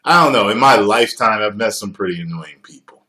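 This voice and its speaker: A man in his forties from the United States, chatting casually on a livestream as host, profane and quick to laugh. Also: on the low side, expressive. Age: 40s. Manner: profane, laughs often, swings loud and soft.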